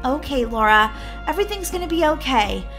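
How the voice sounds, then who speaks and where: A woman voicing a paramedic in a Roblox roleplay story, brisk and reassuring. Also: high voice, very animated, fairly bright tone, soft background music, heavily acted. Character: brisk kindly female paramedic.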